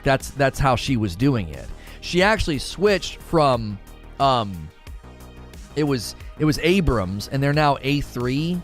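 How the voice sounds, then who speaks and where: A man in his thirties chatting casually on a livestream, talkative and lively, reading chat aloud and laughing often. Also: medium pitch. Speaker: streamer.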